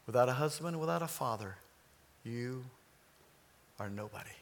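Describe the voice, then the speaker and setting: A man in his sixties preaching, telling stories and slowing down on key phrases. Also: medium pitch, animated, gravelly. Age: 60s. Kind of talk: sermon storytelling.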